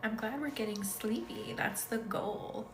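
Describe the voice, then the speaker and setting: A woman's voice: medium pitch, measured pace, roomy sound, background noise. A tired woman hosting a casual live energy-healing stream, chatting and reading comments, who keeps breaking into giggles. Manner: giggly, chatty, easily set off laughing. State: sleepy and tired.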